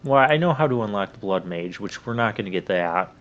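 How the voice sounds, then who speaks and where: Low-voiced man rambling over gameplay. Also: expressive, fairly bright tone, highs cut off, soft background music. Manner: rambling, casual, drawn-out asides. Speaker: let's play host. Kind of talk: gameplay commentary.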